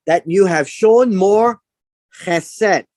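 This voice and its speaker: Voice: mid-range voice, drawn-out words, darkish tone, no room sound. A Bible teacher giving a verse-by-verse lesson, explaining word meanings and repeating key words for emphasis.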